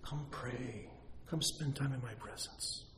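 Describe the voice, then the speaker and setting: A man voicing the gentle, still small voice of God, very soft and hushed. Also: mid-range voice, takes it slowly, echoey room, slight background noise.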